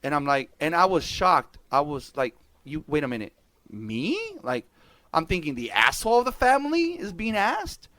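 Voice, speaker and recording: A man's voice: a little high, sing-song, moderate pace, bright, forceful tone, no echo. A middle-aged man hosting a podcast, telling stories in casual chat, swearing freely, laughing often and dropping Spanish words. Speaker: podcast host.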